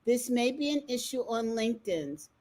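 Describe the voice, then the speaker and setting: A woman's voice: fairly high pitch, lively intonation, moderate pace, warm tone. A woman hosting a live-streamed talk show, chatty and bubbly, laughing easily as she greets viewers and introduces her guest. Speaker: host. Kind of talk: casual live-stream chat.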